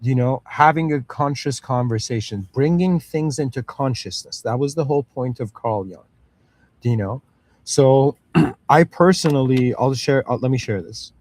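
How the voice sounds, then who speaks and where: A man's voice: mid-range voice, moderate pace, darkish tone. A man in his thirties with Middle Eastern roots giving a casual spoken lecture, full of "you know" and "okay", acting out little dialogues. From Middle East. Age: 30s. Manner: acts out parent and child voices.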